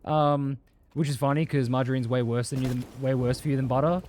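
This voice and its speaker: A man's voice: medium pitch, fairly even intonation, a little fast, darkish tone, a little hiss or hum. A young Australian man chatting casually and rambling while he streams a game, swearing freely and answering chat. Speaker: livestreamer.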